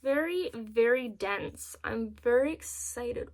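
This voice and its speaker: 22 yr old girl gushing over her makeup haul, kinda high voice, super bubbly. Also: unhurried, slight background noise. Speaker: beauty vlogger. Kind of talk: casual makeup haul chat.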